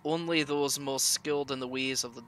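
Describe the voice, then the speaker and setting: A man's voice: mid-range voice, steady tone, moderate pace, a bit bright, a little hiss or hum, close to an everyday voice, rough recording. A man voicing a scholar with a Russian accent, reading an occult text aloud in a solemn, dramatic way.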